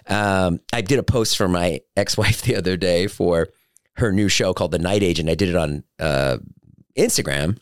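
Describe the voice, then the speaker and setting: Male podcast host, low and dry, chatty rambling storyteller. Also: normal speed, clean tone, dry recording. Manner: rambling, joking anecdotes with many fillers. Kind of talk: solo podcast chat.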